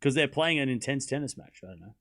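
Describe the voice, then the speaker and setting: A young man hosts a live tennis watchalong, calling out scores and chatting excitedly with viewers in casual stream commentary. His medium-pitched voice moves fast, and he laughs often and repeats phrases.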